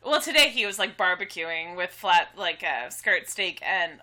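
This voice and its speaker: A woman's voice: lowish voice, animated, normal speed, sharp tone. A woman co-hosting a casual podcast, joking and laughing through her lines and swearing freely. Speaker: podcast co-host. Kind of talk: casual chat.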